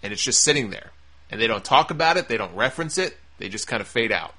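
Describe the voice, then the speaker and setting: Bright-voiced sarcastic man ranting. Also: mid-range voice, quick pace. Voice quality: sarcastic, animated, swears freely. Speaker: wrestling podcast host. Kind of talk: casual profane recap and rant.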